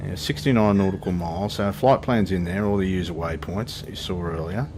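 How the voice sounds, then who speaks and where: Deep-voiced and brisk, this Australian man hosts a flight simulator channel over background noise. He chats casually through his gameplay, joking and poking fun at himself.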